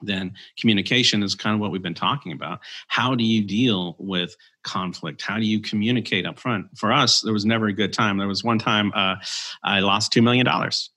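Entrepreneur guest, male, low voice with a bright, forceful edge; lays out ideas step by step. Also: fairly quick. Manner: explains ideas in structured steps, filler-heavy. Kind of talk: conversational interview.

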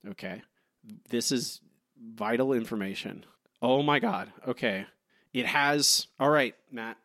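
A man co-hosting a podcast, ranting in an animated, incredulous way in casual chat. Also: mid-range voice, measured pace, dry recording, clean studio sound. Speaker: podcast co-host.

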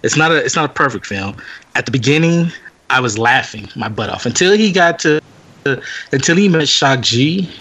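Animated, bright-voiced man telling stories. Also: medium pitch, normal speed. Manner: animated storyteller, acts out quotes, laughs often. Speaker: podcast host. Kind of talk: casual chat, telling a story.

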